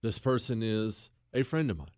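A man's voice: lowish voice, expressive, moderate pace, a little mellow, no echo, studio quality. A man hosting a talk show monologue, telling a story in a conversational way and quizzing listeners with emphatic questions. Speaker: host.

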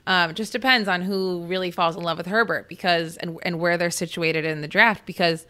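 A woman football reporter chats casually on a podcast, telling stories with lots of fillers and restarts. Her voice sits on the low side, steady in tone, sharp and clean, and she speaks briskly.

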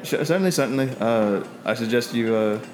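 A man voicing a gruff old male dwarf fond of his ale, in a tabletop game. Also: medium pitch, brisk, a crowd in the background, lightly acted.

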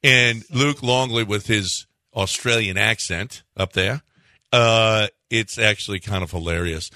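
Sex: man. Role: radio co-host. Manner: wisecracking, interjecting. Timbre: bright, forceful. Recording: dry. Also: lowish voice, measured pace, no echo. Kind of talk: sports talk radio chat.

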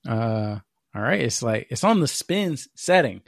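A man's voice: medium pitch, big pitch swings, normal speed, vocal fry, no echo, clean studio sound. A man co-hosting a podcast, telling a long, profane story in casual chat. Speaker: podcast co-host.

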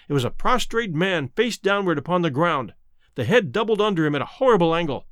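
A man narrating a classic novel as an audiobook in a dramatic, expressive way. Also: high voice, no room sound, clean studio sound.

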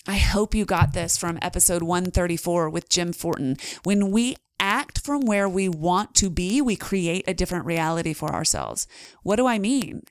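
A woman's voice: fairly low pitch, lively intonation, normal speed, dry recording. A woman hosting a podcast, talking earnestly about mindset and acting out the inner voices her listeners might hear. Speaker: podcast host. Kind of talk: motivational podcast monologue.

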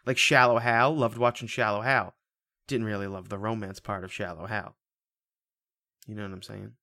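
Dude on a podcast riffing crude jokes, rambly, dry close sound. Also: male voice, on the low side, steady tone, normal speed, bright, forceful tone, no room sound. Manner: joking, crude, rambling with many restarts. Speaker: podcast co-host. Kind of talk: casual podcast chat.

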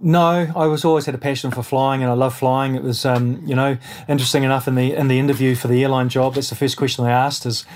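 A man from New Zealand with a New Zealand accent, a guest in an interview, telling his story in an animated, rambling way with many restarts. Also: mid-range voice, fast, few pauses, slight background noise. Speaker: guest, airline pilot and adventurer.

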